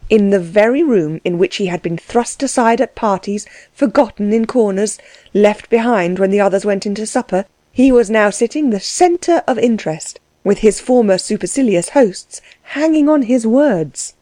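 Dark-voiced woman reading a novel. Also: mid-range voice, no room sound. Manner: measured, expressive storytelling. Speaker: narrator. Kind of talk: audiobook narration.

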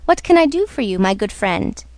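A woman's voice: medium pitch, very animated, moderate pace, dry recording, close to an everyday voice. A woman voicing a small, obliging male golden fish in a storybook reading, with an offhand manner. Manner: offhand, easygoing.

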